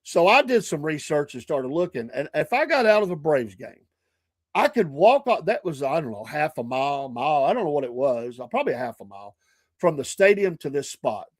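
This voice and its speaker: A man's voice: on the high side, very animated, brisk, dry recording. A middle-aged man, hosting a morning show and telling rambling, chatty stories full of asides and self-corrections. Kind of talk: casual storytelling.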